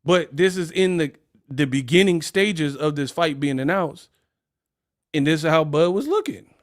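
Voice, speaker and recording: Man, livestream host, casual rant, slangy, mocking, dismissive, slightly high voice. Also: normal speed.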